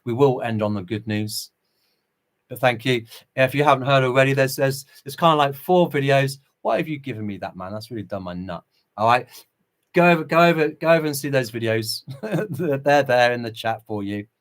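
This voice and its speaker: A middle-aged man hosts a casual livestream, welcoming chat viewers and preaching passionately with brief chuckles between remarks. His voice is medium-pitched and brisk, with lively intonation and an impassioned, preachy manner.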